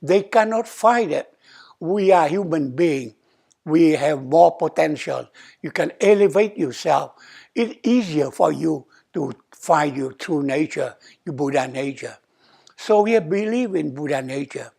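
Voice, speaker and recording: Older monk giving a slow sermon. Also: male voice, fairly high pitch, expressive, gravelly, a little mellow. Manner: non-native English, simple repetitive phrasing, asks "okay?"; acts out quoted dialogue with rising emphasis. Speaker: abbot giving a dharma talk. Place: temple hall.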